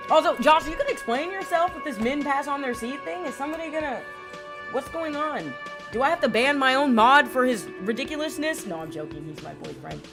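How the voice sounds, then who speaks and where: A woman's voice: high voice, expressive, brisk, over music. A woman streamer chatting casually and profanely with her viewers while gaming, rambling and laughing.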